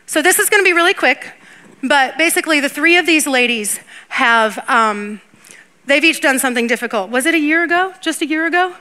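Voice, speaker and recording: A woman pastor preaching on a church stage and interviewing guests, in a lively, chatty, laughing way. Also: high-pitched, a little fast.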